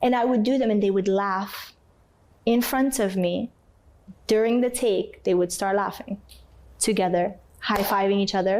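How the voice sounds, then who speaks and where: A woman from Canada, a podcast guest, recounting her struggles in an emotional, animated way and repeating phrases for emphasis. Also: mid-range voice, measured pace. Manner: animated, acts out others' voices and her own crying in quotes. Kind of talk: emotional personal storytelling.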